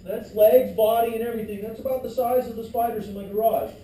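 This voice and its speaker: Male instructor, higher pitch, mellow tone, joking lecture style, echoey room, distant mic. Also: steady tone, fast. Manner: loose, joking asides to students. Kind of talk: classroom lecture. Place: classroom. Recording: echoey classroom from far off, faint noise.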